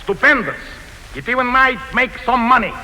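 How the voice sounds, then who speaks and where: An actor playing a boastful film director with a Russian accent in a 1940s radio comedy, grandiose and mangling idioms. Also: male voice, very high voice, animated, normal speed, sharp tone, slight background noise, exaggerated voice. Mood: blustering. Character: blustering, boastful adult male film director. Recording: 1940s radio broadcast in a reverberant hall.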